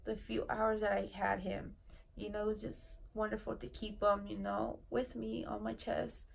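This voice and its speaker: A woman in her thirties tells an emotional story in a vlog, near tears, soft-spoken and halting with many fillers. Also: medium pitch, level tone, creaky, slight background noise. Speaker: family vlogger.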